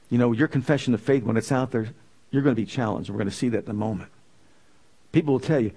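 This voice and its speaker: A man's voice: mid-range voice, brisk, mellow, slightly rough. A man preaching a sermon in an emphatic way, repeating key phrases with building intensity.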